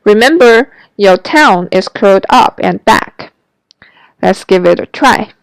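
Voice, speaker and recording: A woman teaches pronunciation in a slow, measured lesson voice. Her tone is smooth and resonant, and each sound is set out with care. The recording is dry and close, with no room sound. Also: mid-range voice, expressive, no room sound, rough recording. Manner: clear, careful demonstration of sounds. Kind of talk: scripted language lesson.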